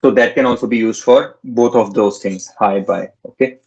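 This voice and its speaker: Guy tutoring french, chatty and easygoing, says words over and over, normal pitch. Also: fairly even intonation, darkish tone, dull audio. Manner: explains by repeating words slowly, mixes in Hindi phrases. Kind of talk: casual teaching.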